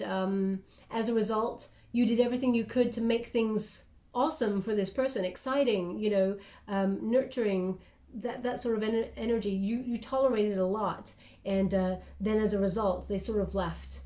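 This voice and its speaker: In a warm, mid-range voice, a woman psychic gives a spiritual guided reading addressed straight to the listener. She is soothing and reassuring, speaking in loose phrases with frequent fillers, and the recording has a roomy echo.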